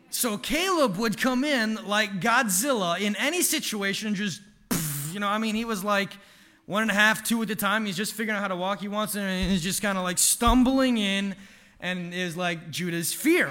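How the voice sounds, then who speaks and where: Man, 30s, preacher, earnest devotional talk, animated asides, high voice. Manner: earnest, storytelling, animated asides with quick restarts. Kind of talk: devotional talk with a family story.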